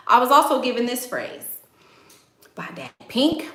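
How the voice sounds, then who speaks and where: An outspoken woman vlogger gives life advice, hammering her points home with repetition. Her voice is bright and forceful. It rings with a roomy echo. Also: on the high side, sing-song, moderate pace, pauses often. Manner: emphatic and outspoken, repeats key phrases. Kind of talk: casual advice monologue.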